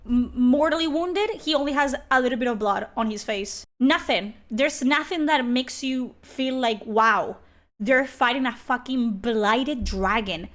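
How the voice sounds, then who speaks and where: A young woman streamer gives sarcastic, profane commentary as she reacts live. Her voice sits high, and she takes her time between remarks.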